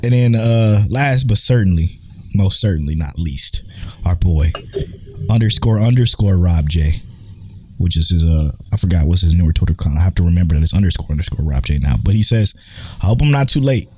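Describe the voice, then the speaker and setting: A man co-hosting a podcast in relaxed chat, telling stories with plenty of swearing. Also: deep voice, brisk, a little hiss or hum. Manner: laid-back storytelling, swears freely. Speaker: podcast co-host. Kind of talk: casual chat.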